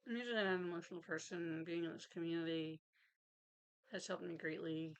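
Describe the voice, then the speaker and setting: A woman's voice: deep voice, steady tone, fast talker, vocal fry. A woman chatting casually at her craft desk at home, rambling and laughing often as she unpacks a parcel. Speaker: vlogger. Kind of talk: casual chat.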